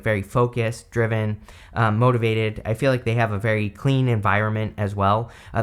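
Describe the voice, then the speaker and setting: A man giving a casual tarot reading, talking loosely with many fillers and self-corrections. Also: medium pitch. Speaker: tarot reader.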